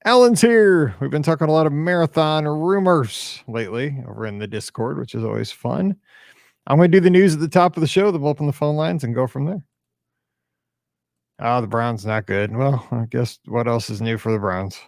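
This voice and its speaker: A man hosts a live call-in podcast, recorded in studio quality with no echo; his medium-pitched voice is brisk, gravelly, and darkish. Chatty and upbeat yet sounding tired, he greets viewers one by one and hums and mutters to himself between remarks.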